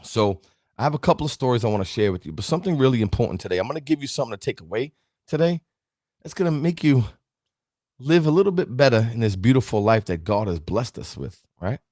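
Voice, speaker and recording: A man hosting a motivational talk show, speaking straight to his audience with a preachy, animated delivery. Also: mid-range voice, fast, dry recording, clean studio sound. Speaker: motivational show host and town councilman.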